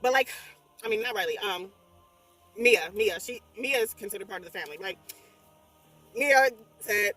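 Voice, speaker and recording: A young adult woman recapping a horror movie in a casual, rambling way, animated and swearing constantly as she exclaims through the story. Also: mid-range voice, moderate pace, long pauses, distant mic. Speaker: movie reviewer. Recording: voice a bit off-mic, faint music behind.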